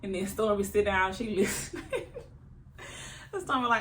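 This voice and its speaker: A woman recapping a reality show episode in a casual vlog, chatty and quick to laugh, often imitating the cast as she retells scenes. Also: mid-range voice, a bit bright, a little hiss or hum. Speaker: YouTube reality TV reviewer.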